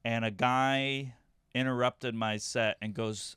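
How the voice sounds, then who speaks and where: A man's voice: mid-range voice, fairly even intonation, slow pace, a bit bright, clear, resonant tone, dry recording, clean studio sound. A man from Syracuse, New York, a comedian guest chatting casually on a podcast and telling stories with some stammering. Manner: stammering, self-deprecating storyteller.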